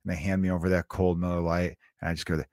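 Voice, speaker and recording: A young adult man from Chicago, a comedian talking casually in a profane, rambling solo monologue with big swings in loudness. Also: low-pitched, little pitch movement, quick pace, dry recording, studio quality. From Chicago area. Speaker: comedian and podcast host.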